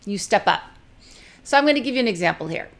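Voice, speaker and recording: A lively woman instructor talks through dog handling in a casual, plain-spoken way. She moves quickly between explaining and briefly acting out what an owner or a dog might say. Her tone stays practical and direct throughout. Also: mid-range voice. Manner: lively, conversational, acts out quick voices of owners and dogs. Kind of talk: recorded teaching talk.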